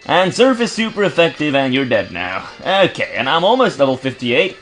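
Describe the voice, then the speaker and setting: A man's voice: medium pitch, very animated, moderate pace, a bit bright, faint music behind. A man casually commentating his gameplay, stuttering and restarting words often, with joking, sarcastic asides. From Belgium. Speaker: let's play commentator.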